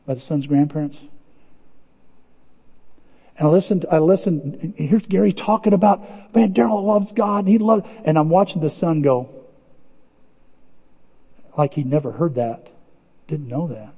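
A male pastor preaching a sermon in a lively, animated way, acting out quoted voices. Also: measured pace, long pauses, slightly rough, big-room sound, muffled recording. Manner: animated, acts out quoted voices with big pitch jumps.

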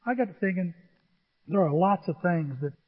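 Male pastor, high voice, emphatic sermon style that bursts loud on key words, long hall reverb, dull audio. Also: animated, normal speed. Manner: emphatic, rising to near-shouts on key words; acts out congregants' complaints in mocking voices.

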